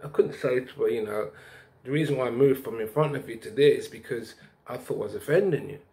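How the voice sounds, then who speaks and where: A man's voice: mid-range voice, fast talker. Preachy man telling a story. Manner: preachy, lively storyteller who sings snatches and laughs. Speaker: vlogger. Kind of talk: rambling spiritual storytelling.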